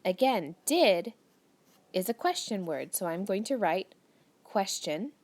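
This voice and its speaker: Speaking slowly but very animatedly, a woman teacher with a medium-pitched, darkish voice patiently walks young students through a grammar worksheet. She reads the sentences aloud and explains each step in this recorded lesson for children.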